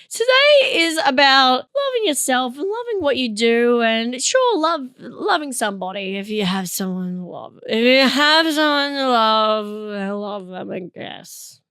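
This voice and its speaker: A woman comedian talking casually to camera in a review vlog, hoarse from a partly lost voice, rambling and self-deprecating and laughing often. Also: fairly high pitch, fairly bright tone, no echo, clean studio sound.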